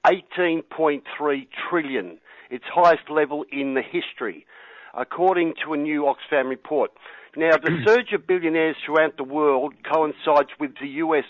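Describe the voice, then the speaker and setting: A man's voice: a little high, no room sound, dull audio. An Australian man calling in to a radio show, earnest and rambling, often saying mate. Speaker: caller. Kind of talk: call-in radio talk.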